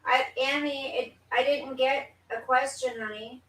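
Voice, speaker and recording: At home with fireworks going off outside, a woman hosts a casual livestream, chatting with viewers and reading their comments aloud. She's chatty, talks straight to her audience and gets distracted easily. Her voice sits high and is a bit bright, with a steady tone and a slightly slow pace.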